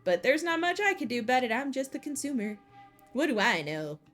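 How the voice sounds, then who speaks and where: A woman streamer giving live gameplay commentary in a passionate, animated, ranting way. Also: high-pitched, fairly quick, soft background music.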